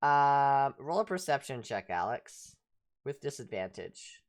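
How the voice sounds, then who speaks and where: Woman game master, low voice, very lively intonation, tabletop narration. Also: measured pace. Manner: animated, breaks off and restarts while narrating.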